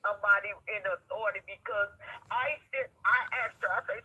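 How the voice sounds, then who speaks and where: A woman's voice: mid-range voice, a little fast, pushed and bright, husky, far from the mic. An older grandmother retelling a hospital visit over the phone, emphatic and acting out both sides of the conversation. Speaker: grandmother telling her story. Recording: tinny phone line.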